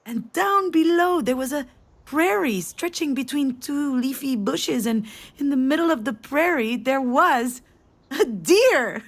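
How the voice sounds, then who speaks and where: A woman's voice: sits high, expressive, measured pace. An actress playing a mother who tells her grown daughter a family memory in a tender storytelling voice. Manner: tender storytelling, rising with emotion.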